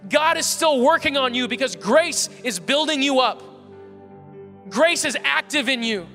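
A male pastor preaching an earnest sermon, stacking repeated phrases for emphasis. His voice sits very high and sounds bright and forceful. It carries a long reverb from the church sanctuary. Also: expressive, unhurried, faint music behind.

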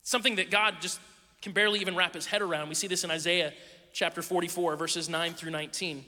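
A man delivers a humorous sermon to a live congregation in a large hall. His voice sits high and very bright, and it rings out with a long reverb tail. He jokes and tells stories in an animated way. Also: fast. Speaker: pastor.

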